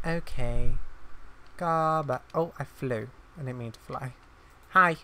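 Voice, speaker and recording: Chatty low-voiced woman gamer. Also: takes it slowly, pushed and bright. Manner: chatty, giggly, rambling. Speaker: gaming channel host. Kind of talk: casual gameplay commentary.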